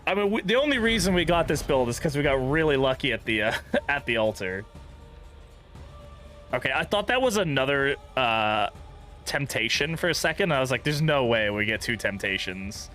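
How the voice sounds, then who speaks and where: A man's voice: fairly high pitch, expressive, moderate pace, fairly bright tone, soft background music. A young man streaming a game, chatting casually, swearing freely and laughing often. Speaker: gaming streamer. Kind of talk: casual let's-play commentary.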